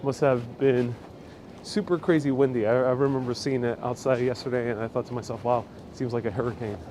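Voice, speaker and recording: A man's voice: mid-range voice, fairly even intonation, brisk, a little mellow. A man from New York with a New York accent, hosting a live walking tour outdoors and chatting back to viewer comments as he goes. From New York City. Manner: chatty, friendly, answers viewer comments aloud as he walks. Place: outdoors on a windy city street. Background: faint street ambience and passing traffic.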